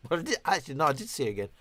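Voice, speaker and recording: A man's voice: a little high, big pitch swings, rapid-fire, a bit bright. A man in his fifties hosting a casual livestream, rambling and chatty as he answers viewer questions, often breaking off and restarting. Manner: rambling, chatty, self-interrupting. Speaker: livestream host.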